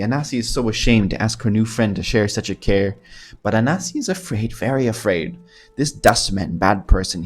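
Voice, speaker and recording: A man's voice: on the low side, fairly bright tone, exaggerated voice. A man voicing a coy, scheming female cat-folk thief who speaks of herself in the third person, coaxing and purring as he reads game dialogue aloud.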